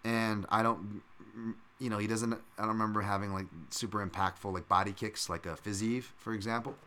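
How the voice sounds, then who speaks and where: A man's voice: fairly low pitch, flat delivery, a little fast, bright, forceful tone. A man hosting a casual solo podcast breakdown, talking in a rambling, profane way with joking asides. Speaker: podcast host.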